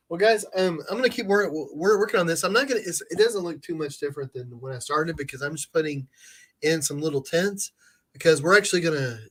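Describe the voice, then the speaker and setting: Brief: talkative male painter hosting a live stream, slightly high voice, loose and laughing. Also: fairly bright tone. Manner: chatty, laughs often, many restarts. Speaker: painter and livestream co-host. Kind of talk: casual livestream chat.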